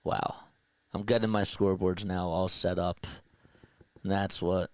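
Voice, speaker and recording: A man chatting casually on a live sports stream, excited and rambling like an emotional fan. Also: low-pitched, a little slow, no room sound.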